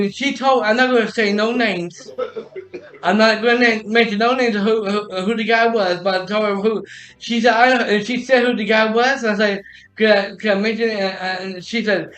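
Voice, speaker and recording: High, bright-voiced man telling a rambling story. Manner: rambling, many restarts and retold dialogue. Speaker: streamer. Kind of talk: casual storytelling to a friend. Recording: echoey room with music behind.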